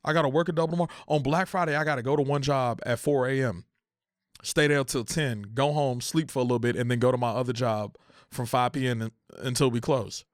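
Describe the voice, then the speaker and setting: A young man in an emotional, profane rant about unpaid creative work, repeating phrases and climbing toward shouting. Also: mid-range voice, fairly even intonation, a little fast, no room sound, studio quality. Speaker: content creator.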